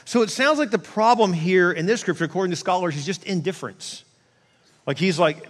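A man's voice: high voice, fairly quick. A man preaching a sermon in a casual, conversational way, often restarting and acting out quotes in asides. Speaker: pastor. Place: large church hall. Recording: long hall reverb.

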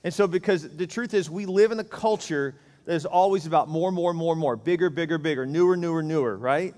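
A man pastor giving a conversational, joking sermon full of rhetorical questions. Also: high voice. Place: church sanctuary. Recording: church hall reverb.

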